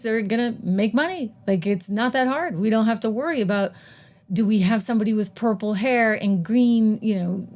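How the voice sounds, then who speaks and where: A middle-aged woman hosting a live-streamed opinion show, talking in an emphatic, animated way with quick asides and rhetorical questions. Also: mid-range voice. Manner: laughs at herself while typing on air. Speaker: host of a live political and investing show.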